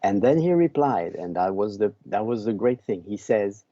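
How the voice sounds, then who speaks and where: A man from Belgium, a podcast guest who tells a long story slowly and often repeats words as he searches for them. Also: fairly low pitch, lively intonation, dark tone, no echo, dull audio. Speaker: podcast guest, book author.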